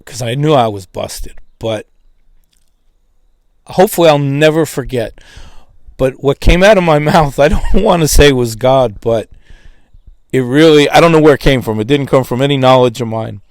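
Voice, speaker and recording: A man's voice: normal speed, pauses often, no echo. Man telling a personal story, dry sound. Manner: conversational, acts out quoted dialogue with pitch jumps. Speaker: testimony speaker. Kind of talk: casual storytelling testimony.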